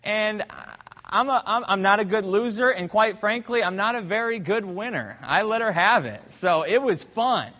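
A man preaching a sermon as pastor in a church, telling a story fervently, swinging between loud and hushed. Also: sits high, animated, normal speed, in a large hall. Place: church sanctuary.

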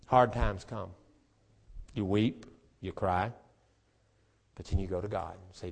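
A man preaching a sermon as pastor, moving between quiet, conversational talk and fervent, shouted rhythmic passages. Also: deep voice, steady tone, slow, vocal fry, long pauses. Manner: repetitive, rhythmic preaching cadence.

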